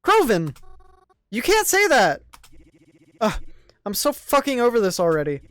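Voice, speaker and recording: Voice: mid-range voice, big pitch swings, normal speed, no room sound, soft background music, voice pushed up, close to an everyday voice. A voice actor doing a furious swearing young man. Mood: cruel. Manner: shouting, swearing, contemptuous. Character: angry foul-mouthed young man.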